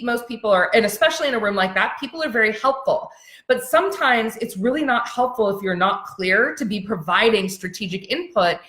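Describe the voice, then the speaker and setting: A woman business coach teaching a workshop session, chatty and animated, telling stories and acting out quotes. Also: a little high. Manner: animated, chatty, many fillers and acted-out quotes. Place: seated in a roomy space, sitting cross-legged. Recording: echoey room.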